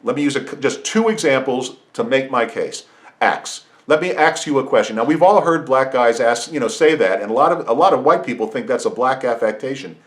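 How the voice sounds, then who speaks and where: A man's voice: mid-range voice, expressive, a little fast, hardly any pauses. A middle-aged man hosting a podcast, talking through an opinionated monologue with frequent restarts and asides. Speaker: podcast host. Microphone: podcast microphone.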